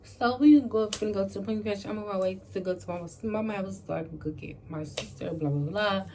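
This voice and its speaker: A woman vlogger tells a casual storytime. She is animated, with plenty of "like" and swearing. A faint hum of noise sits behind her in a home bedroom. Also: medium pitch, a little fast.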